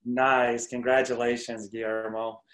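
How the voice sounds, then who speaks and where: A man's voice: mid-range voice, little pitch movement, a little slow, fairly bright tone. A man hosting a business training call, enthusiastic and encouraging as he coaches the group. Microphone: video call. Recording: echoey room over video call.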